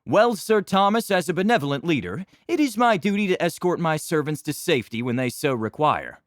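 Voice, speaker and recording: A haughty noble dragonborn cleric, as a man puts him on speaks in a raised, shrill register. His pitch swings widely with lofty airs. The sound is dry and close. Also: very animated, a little fast, no room sound. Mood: pompous.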